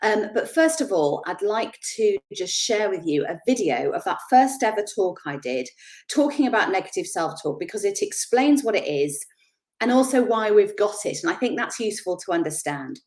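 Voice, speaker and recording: A middle-aged woman giving a chatty, animated motivational talk on confidence, laughing at herself as she goes. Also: medium pitch, normal speed. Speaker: confidence speaker.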